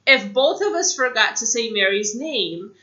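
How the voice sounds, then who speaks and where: A woman giving a casual spoken English lesson, chatty, saying example phrases slowly. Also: on the high side, lively intonation, pushed and bright, muffled recording. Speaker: English teacher.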